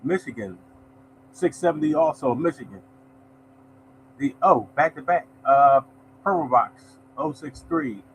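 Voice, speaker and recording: A man's voice: on the high side, expressive, a little slow, long pauses, fairly bright tone, slight background noise, rough recording. Chatty man, "y'all" every line. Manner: chatty, greets viewers by name, says "y'all" often. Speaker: lottery show host. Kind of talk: casual live-stream chat, reading results.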